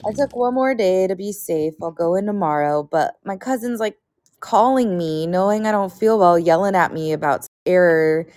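Exasperated woman, lowish voice. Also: moderate pace, a little mellow, dry recording, studio quality. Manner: exasperated venting, profane. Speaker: podcast co-host. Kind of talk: casual chat.

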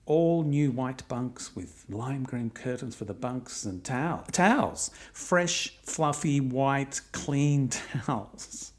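A man's voice: mid-range voice, expressive, takes it slowly, hardly any pauses. A middle-aged man narrating his own long walk in a reflective way with dry, wry humour. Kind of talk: personal travel narration.

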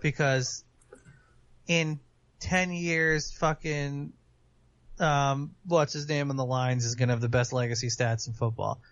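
A man's voice: medium pitch, unhurried, no echo, dull audio. Ranting man in casual sports chat. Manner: animated, profane, ranting.

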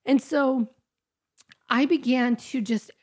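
A woman's voice: high voice, fairly even intonation, takes it slowly, a little mellow. A middle-aged woman telling her personal story as a podcast guest, candid and emotional, often quoting her own past thoughts. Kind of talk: personal testimony interview.

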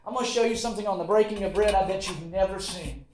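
A man preaching a sermon as pastor, with a Southern US accent, folksy and repetitive, tossing in quick asides and chuckles. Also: high voice, darkish tone. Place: church sanctuary. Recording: roomy church echo.

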